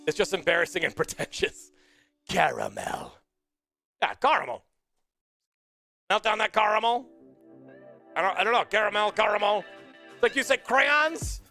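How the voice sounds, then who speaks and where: Man voicing a high-pitched puppet host, bouncy and lively, bright tone, playful, giggly. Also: brisk, faint music behind, exaggerated voice. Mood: silly. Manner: playful, giggly, wordplay-loving. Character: excitable male puppet morning show host. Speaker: puppet talk show host. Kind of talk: casual live-stream chat.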